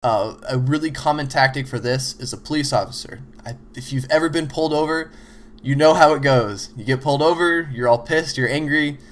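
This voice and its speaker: A man's voice: mid-range voice, brisk. A man hosting a show, giving a casual instructional talk on teamwork in a loose, conversational way. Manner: loose, conversational, frequent "you know" and "like"; acts out little example dialogues. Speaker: host explaining teamwork.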